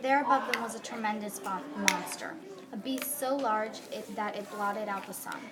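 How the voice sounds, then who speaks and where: A woman reading a story aloud as one of several narrators, steady with small slips. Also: mid-range voice, moderate pace. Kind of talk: group read-aloud narration. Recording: loud crowd noise behind.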